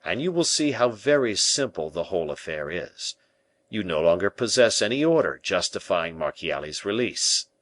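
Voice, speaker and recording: A cool, unflappable schemer, read by a man, laying out commands with quiet self-possession. His voice is deep, and the close recording is dry. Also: normal speed, no echo, heavily acted. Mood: coolly persuasive. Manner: calm, smooth, persuasive. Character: cool, scheming male musketeer-bishop. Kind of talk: audiobook character reading.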